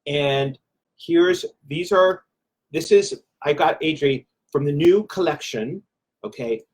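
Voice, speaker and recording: Husky, soft-spoken man guest. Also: fairly high pitch, takes it slowly. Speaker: guest author. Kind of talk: casual chat.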